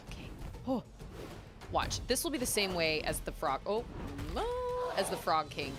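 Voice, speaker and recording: With music playing behind her, a young adult woman offers live commentary on the game she's streaming, her medium-pitched voice slow and frequently pausing. Setbacks draw groans and laughter from her, along with excited exclamations.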